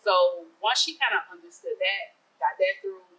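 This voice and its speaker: A middle-aged woman, an event planner, telling a story in a chatty, animated way during a casual interview. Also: medium pitch, normal speed, rough recording. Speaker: event planner, business owner.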